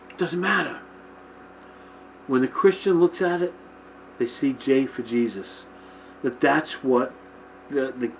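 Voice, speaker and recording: A man's voice: medium pitch, a little mellow, slight background noise, poor audio. A man hosting a Christian teaching show, talking informally to his camera and checking in with listeners often. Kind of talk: informal Bible-themed talk to camera. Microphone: camera mic, filming himself.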